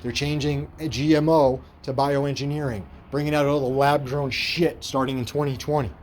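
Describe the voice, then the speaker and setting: A man's voice: mid-range voice, flat delivery, moderate pace, darkish tone, slight background noise. A man giving an indignant, profane commentary while reading headlines aloud from his screen. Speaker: commentary vlogger. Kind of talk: ranting screen-share commentary.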